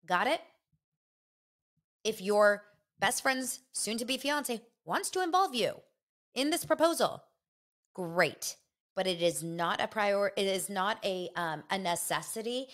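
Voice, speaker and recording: A woman hosting a podcast, gossiping in a chatty, animated and opinionated way. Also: medium pitch, slow pace, pauses often. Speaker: podcast host. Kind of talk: casual gossip chat.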